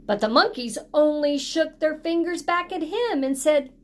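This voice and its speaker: A woman reading a picture book aloud to children, pausing often to ask them to join in with actions. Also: high voice. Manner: interactive, prompting children to act along. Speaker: storytime reader for children.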